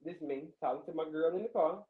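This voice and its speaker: A woman from Louisiana hosting a podcast, telling a wild story in a profane, animated way and acting out the voices. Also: deep voice, quick pace. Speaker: podcast host. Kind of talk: casual storytelling chat. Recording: echoey dull lo-fi room.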